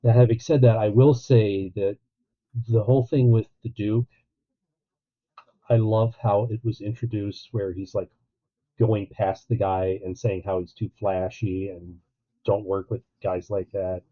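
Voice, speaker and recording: A man co-hosting a podcast, chatting casually about a film, animated and acting out quotes with a laugh. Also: on the low side, measured pace. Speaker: podcast co-host. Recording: tinny phone-like line.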